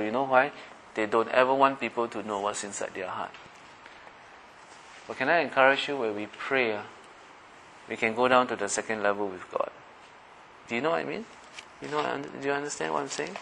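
Pastor guy preaching, casual and chatty, bright voice, slight hum behind. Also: medium pitch, low-quality recording. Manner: conversational, asks the listeners questions, acts out everyday voices. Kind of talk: sermon.

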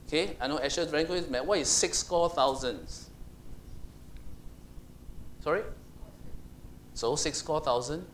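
Male preacher, animated sermon delivery, fairly high voice, faint background noise. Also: unhurried, long pauses. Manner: animated, asks the congregation questions, acts out Bible voices.

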